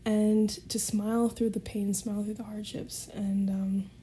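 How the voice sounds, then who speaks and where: A woman's voice: mid-range voice, little pitch movement, a little slow, warm tone, slight background noise. A woman guest telling a personal story in a casual way, often laughing as she talks. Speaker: podcast guest.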